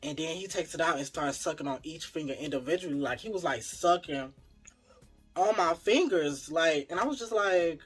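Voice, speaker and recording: A man's voice: on the high side, normal speed, breathy edge, faint music behind. A man telling a wild personal story in a casual, profane style, talking straight to his viewers. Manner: animated, profane, talks to viewers as y'all.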